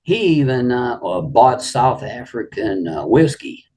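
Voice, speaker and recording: A man's voice: mid-range voice, expressive, measured pace, mellow, breathy edge. An older man, a guest, telling rambling anecdotes in a casual interview and saying "you know" often.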